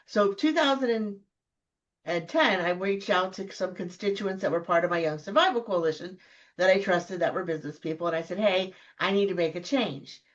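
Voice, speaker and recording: A woman from Florida, a guest in casual storytelling chat, animated and acting out the voices of people in her stories. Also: normal speed, lo-fi sound. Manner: animated, acts out quoted voices with big pitch jumps.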